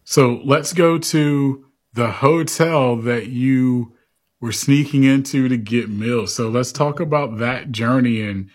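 A man hosts an interview in a relaxed, conversational way. He speaks casually and encouragingly, using friendly words to draw out his guest's story, and gives short prompts and reactions in between. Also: medium pitch, slow pace. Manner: casual, encouraging, calls the guest "dude" and "brother". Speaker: interview host.

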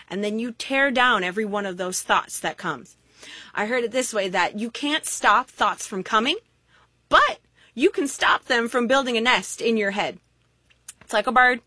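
A woman's voice: a little high, normal speed, dry recording. A woman preaching a sermon, mixing scripture with playful, exaggerated stories. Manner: animated, playful, vivid exaggeration. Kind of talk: sermon with humorous storytelling.

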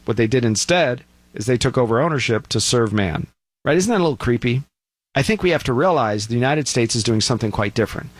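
A man talking in an animated, storytelling way, jumping up in pitch when he acts out what others say. His voice sits in the middle range. The sound is dry and close. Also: dry recording. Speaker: speaker giving commentary. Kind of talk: casual talk.

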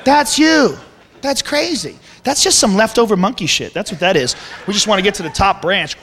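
A male stand-up comedian with a very high, lively voice and a bright edge, ranting in disbelief and swearing freely. His voice rings through a large venue with a long echo, and a live audience is faintly heard. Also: a little fast. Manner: profane, ranting, incredulous.

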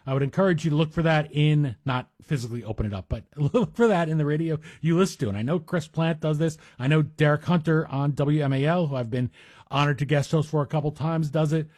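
A middle-aged man hosts a talk radio monologue in a husky, slightly raised voice. He talks in a chatty, wry way full of self-deprecating asides, recorded close on a dry studio microphone. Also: a little high, fast talker, darkish tone, no room sound. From Greek heritage. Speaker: radio guest host.

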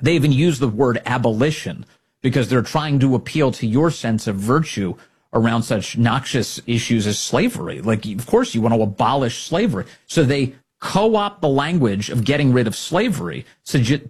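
A male talk host delivering political commentary with a sarcastic edge. His pitch swings widely as he gets worked up, and his voice has a husky grain. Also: moderate pace. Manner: animated, sarcastic, mocking impressions.

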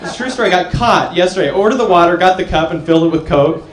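A man's voice: high voice, expressive, rapid-fire. A young man doing a rambling stand-up comedy set at a club, filling his talk with "like" and "you know". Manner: loose rambling delivery with lots of "like" and "you know". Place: comedy club stage with live audience. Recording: echoey live room with crowd.

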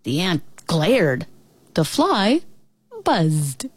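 A woman telling an animated animal story aloud in an expressive way, calling her listeners brothers and sisters. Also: on the low side, very slow, breathy edge, no echo.

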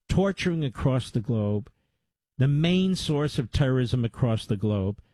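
Man, radio talk host, mellow, dry studio, emphatic repetitive delivery. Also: medium pitch, no echo, poor audio. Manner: emphatic, repetitive lists, rising to urgent.

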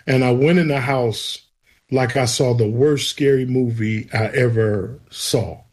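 Speaking in an unhurried, mid-range voice, a man shares the story of his faith as a guest in an interview. He tells it with animation and performs the quoted voices himself.

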